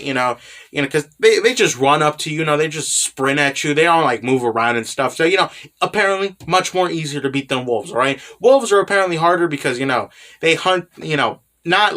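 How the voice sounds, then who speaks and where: A man's voice: a little high, pushed and bright. A man casually recapping a manga chapter, rambling loosely with lots of fillers and tag questions, and dropping sarcastic asides. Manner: filler-heavy, keeps tagging "right?" and "you know".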